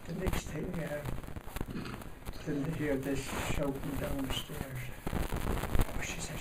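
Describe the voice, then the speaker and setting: This man tells a comic story slowly and rambles at an even mid pitch, switching to loud shouts when voicing the people involved. The mic is distant, the room echoes, and a steady hiss runs throughout.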